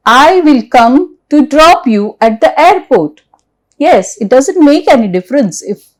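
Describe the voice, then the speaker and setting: Indian English woman, teacher type, high voice with lots of lift, unhurried. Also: lively intonation, a little mellow, low-quality recording. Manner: repeats examples slowly, checks with "okay?". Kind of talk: slide-based grammar lesson.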